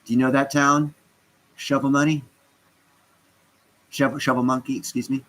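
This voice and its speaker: A man's voice: mid-range voice, flat delivery, normal speed, fairly bright tone, poor audio. A stoned man chatting casually on a livestream, rambling and interrupting himself as he talks to his viewers. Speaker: crypto vlogger.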